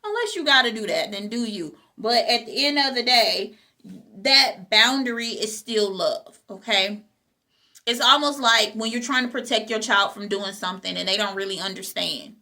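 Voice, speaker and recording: A woman speaks to her viewers in a motivational talk. Her voice sits a little high and rings bright. She hammers her points home by repeating them and checking in with "okay?". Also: moderate pace. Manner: emphatic, repeats key phrases, asks "okay?". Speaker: host.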